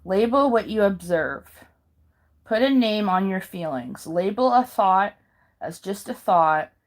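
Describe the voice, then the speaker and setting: A woman reading handouts aloud in a careful, halting way, pausing and correcting herself now and then. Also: medium pitch. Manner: slow careful reading with pauses and self-corrections. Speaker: video maker.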